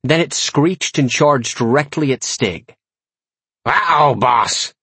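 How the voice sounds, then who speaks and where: Husky, wry male audiobook narrator. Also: on the high side, measured pace, dry recording. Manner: wry, comic, lively storytelling. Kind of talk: first-person audiobook narration.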